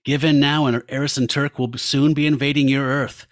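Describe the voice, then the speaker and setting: A man's voice: medium pitch, flat delivery, a little fast, dry recording, natural voice. A man reading the lines of an earnest male rebel ally in a comic, in close to his own voice. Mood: urgent.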